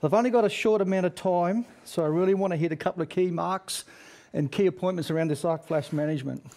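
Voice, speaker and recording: A middle-aged man with a fairly high voice talks through a webinar presentation. He is earnest and a little repetitive, coming back to his key message with the odd restart. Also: fast talker, mellow. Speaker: safety regulator presenter.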